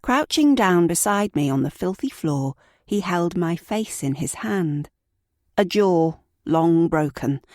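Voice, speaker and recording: Woman narrator, low-pitched, very slow and measured, dry close sound, true crime audiobook. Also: a little mellow, no echo. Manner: slow, measured, sombre reading.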